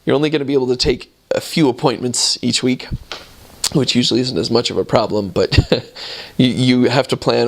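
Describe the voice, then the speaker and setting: Relaxed man recalling mission life. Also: mid-range voice, normal speed, vocal fry. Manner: relaxed, rambling, chuckling between points. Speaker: returned missionary. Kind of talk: casual storytelling about mission life.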